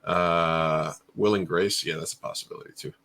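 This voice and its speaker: Gravelly male co-host, casual rambling chat, slightly low. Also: steady tone, moderate pace, sharp tone. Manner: rambling, chatty, trails off. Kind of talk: casual chat reacting to a list.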